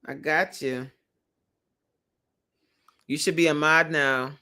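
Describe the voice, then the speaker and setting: A woman's voice: very deep voice, takes it slowly, long pauses, bright, forceful tone, clear, resonant tone. A woman hosting a casual livestream, chatty, laughing often and reading viewer comments aloud. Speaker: livestream host and creator coach.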